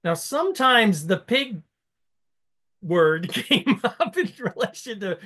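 A man's voice: high-pitched, sing-song, takes it slowly, a bit bright. A man co-hosting a podcast, speaking in casual chat with rambling, reflective remarks and small laughs between phrases. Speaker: podcast co-host.

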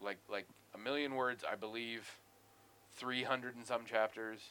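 A man co-hosting a podcast in casual chat, talking in an animated, profane way with bursts of mock outrage. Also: mid-range voice, measured pace, a little hiss or hum. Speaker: podcast co-host.

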